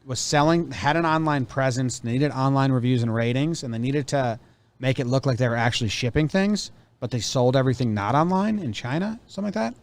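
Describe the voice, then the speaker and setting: A man's voice: mid-range voice, a little fast. A man co-hosting a casual show, reading news stories aloud and rambling through anecdotes with many restarts. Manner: rambling, self-correcting storyteller. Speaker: co-host.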